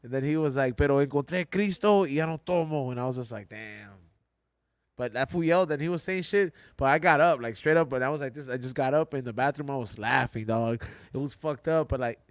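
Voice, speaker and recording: A man's voice: mid-range voice, quick pace, hardly any pauses, dry recording. A man co-hosting a podcast, telling loose, profane stories and acting out the people in them, often laughing. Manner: loose, profane storytelling with laughter and acted-out quotes. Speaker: podcast co-host. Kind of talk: casual chat.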